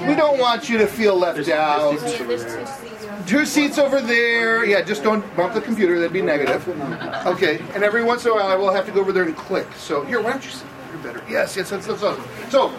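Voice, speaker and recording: A campus pastor with a high, expressive voice preaches briskly in a room with a seated audience, putting questions to them in a conversational sermon. He's recorded from a distance, with crowd noise and poor audio.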